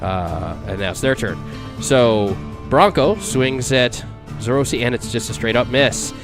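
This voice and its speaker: Male game master, mid-pitched, casual and halting, with soft music under him. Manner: casual, halting, repeats words. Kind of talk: narrating a tabletop game.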